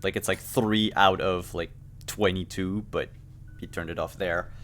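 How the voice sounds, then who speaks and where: A man's voice: deep voice, steady tone, measured pace, a bit bright, slight background noise. A man narrating as game master of a tabletop game, casual, with frequent fillers.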